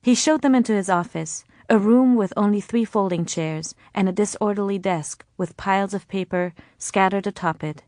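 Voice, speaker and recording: A woman's voice: mid-range voice, no echo. Woman narrating a novel, dry and close. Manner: measured, even reading. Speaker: audiobook narrator. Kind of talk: scripted narration.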